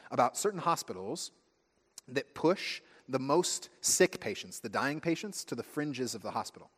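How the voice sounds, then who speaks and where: A man preaching a sermon as pastor, telling stories with lively, acted-out asides. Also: mid-range voice, moderate pace, slightly rough. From United States. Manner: animated storytelling, acting out friends' voices. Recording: long hall reverb.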